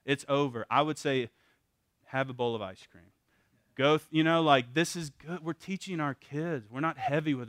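A man's voice: a little high, normal speed, no room sound. Dry-voiced man teaching parents. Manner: animated, acts out parents' and kids' quotes in a raised voice; casual, with repeated words and restarts. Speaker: parenting seminar speaker. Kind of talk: conversational teaching talk.

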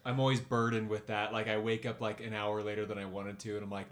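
A man's voice: on the low side, quick pace. A man co-hosting a podcast, telling self-deprecating stories. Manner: self-deprecating, animated storyteller. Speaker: co-host. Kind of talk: casual chat.

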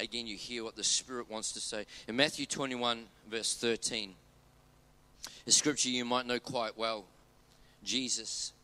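A man preaching a sermon as pastor, emphatic, repeating key phrases and dropping low and quiet on his main points.

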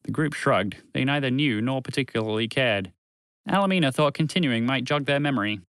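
A man narrating a children's story in an animated, expressive reading. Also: medium pitch, a little fast, clear, resonant tone, dry recording.

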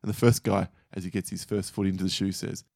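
A man with a lowish voice talks quickly in casual podcast banter, telling jokes in a dry, teasing way. The recording is close and dry. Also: level tone, creaky, dark tone, no echo. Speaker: podcast co-host.

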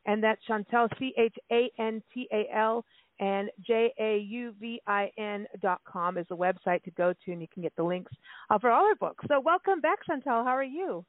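A woman's voice: fairly high pitch, moderate pace, dry recording. A chatty woman hosting a radio interview, rambling and laughing easily as she talks. Her voice comes through a tinny phone line, and the sound is dry. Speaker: radio show co-host. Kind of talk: casual interview chat.

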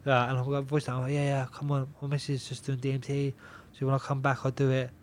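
A young man, a pro boxer guesting on a podcast, telling a story in an animated, repetitive way, swearing constantly and laughing often. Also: medium pitch, quick pace, slight background noise. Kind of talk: casual storytelling chat.

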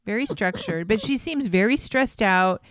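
A woman's voice: mid-range voice, expressive, normal speed, fairly bright tone, no echo, clean studio sound. Chatty, agreeable woman co-host. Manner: agreeable and chatty, laughs often. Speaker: podcast co-host. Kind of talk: casual chat recapping a reality show.

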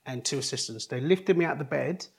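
A middle-aged man with a gravelly, mid-range voice is a guest in an interview. He tells a personal story earnestly and haltingly, restarting many times.

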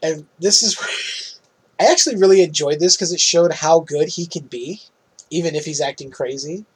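A man's voice: fairly high pitch, normal speed, breathy edge, low-quality recording. A man casually recapping a film's ending as a podcast host, chatty and often laughing.

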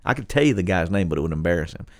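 A man, a pastor telling stories in casual talk, animated and quick to laugh as he acts out what people said. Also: deep voice, no room sound, studio quality. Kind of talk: casual podcast storytelling.

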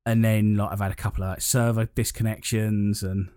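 Chatting casually about gaming, a man speaks in a lowish, mellow voice at a fairly quick clip, keeping his tone level. He tends to ramble and start sentences over as enthusiasm takes hold. The audio is dry and close, with no room sound at all.

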